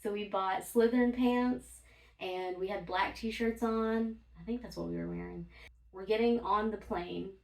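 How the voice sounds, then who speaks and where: A woman's voice: medium pitch, measured pace, gravelly. Casual blunt woman telling stories, laughs a lot, kinda echoey and far from the mic. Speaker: vlogger. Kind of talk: casual storytime monologue. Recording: roomy, from a distance.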